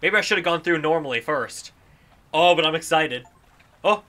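A young man giving excited let's-play commentary, exclaiming and talking to himself while he plays a video game. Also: fairly high pitch, moderate pace. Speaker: gaming YouTuber.

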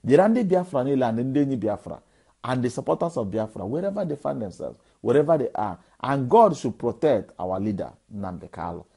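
A man's voice: mid-range voice, big pitch swings, brisk, gravelly, dark tone, breathy edge, poor audio. A man with a Nigerian Igbo accent, a native Igbo speaker, giving an impassioned appeal to his followers, preachy and full of rhetorical questions. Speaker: activist addressing followers. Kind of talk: impassioned direct-to-camera appeal.

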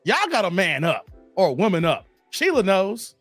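With a high-pitched, very animated voice at a moderate pace, a Chicago-area livestreamer laughs his way through reading and teasing viewer comments. The recording is dry, with faint music in the background.

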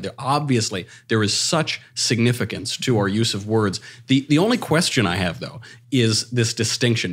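A man appearing as a guest on a casual panel discussion, articulate and quick to argue a point. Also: on the low side, slightly rough.

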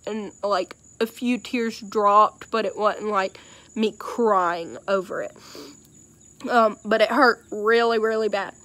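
A woman's voice: fairly high pitch, fairly bright tone, dry recording. A young woman telling a personal story in a casual, rambling way with many fillers and hesitations.

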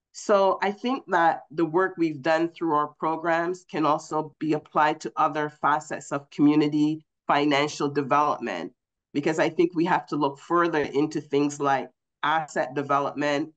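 A woman speaking on a conference panel, congested from a cold and a bit out of breath, measured with frequent ums. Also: low-pitched.

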